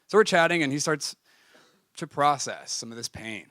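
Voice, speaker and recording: A man giving a church talk, telling a personal story in a lively way and acting out the conversations. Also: fairly high pitch, normal speed, dry recording, studio quality. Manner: animated, acts out conversations, frequent "like". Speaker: speaker at a church gathering.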